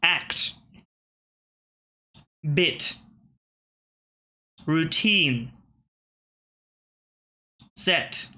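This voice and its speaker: Working through word puzzles on his gaming channel, this man talks extremely slowly and pauses often, his intonation lively. His bright, sharp voice sits a little high for a man, and his casual let's-play commentary is full of muttering, offhand swearing, and unfinished thoughts.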